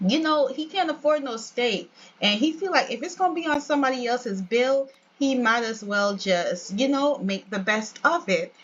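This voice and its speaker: A woman's voice: on the high side, animated, normal speed, hardly any pauses, fairly bright tone, muffled recording. Chatty woman narrating a game. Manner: chatty, keeps addressing viewers as "y'all". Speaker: let's play narrator. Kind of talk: casual gameplay narration.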